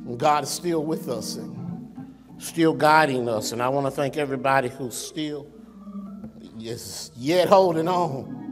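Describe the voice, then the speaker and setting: Male pastor, conversational sermon delivery, reverberant sanctuary with faint music behind. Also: a little high. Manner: conversational preaching with rhetorical questions. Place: church sanctuary. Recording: long reverb in a church sanctuary.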